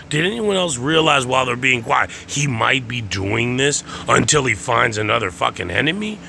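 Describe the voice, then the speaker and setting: Gravelly, bright-voiced man ranting profanely. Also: medium pitch, expressive, normal speed, slight background noise. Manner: profane, repetitive, chanting phrases over and over. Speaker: host. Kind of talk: rambling stream-of-consciousness monologue.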